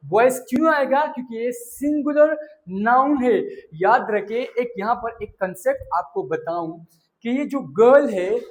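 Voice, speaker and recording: A male teacher rattles off drill sentences at a very fast clip. His voice sits fairly high for a man. He keeps repeating the patterns and slips into quick Hindi-Urdu explanations between them. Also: poor audio. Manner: rapid-fire repetition, switching between English and Hindi-Urdu explanations. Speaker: English teacher. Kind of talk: drilling example sentences for beginners.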